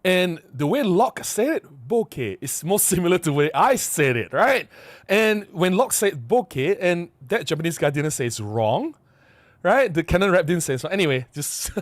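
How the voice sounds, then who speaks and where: A man's voice: high-pitched, moderate pace, no echo. A man vlogging casually to camera, rambling and repeating himself as he explains. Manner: rambling, repeats words, animated.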